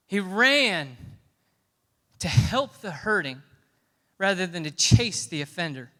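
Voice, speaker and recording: A man preaching a youth sermon, telling a story with emphatic rises that swell almost to shouts. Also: high voice, very animated, takes it slowly. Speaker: youth pastor. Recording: long hall reverb.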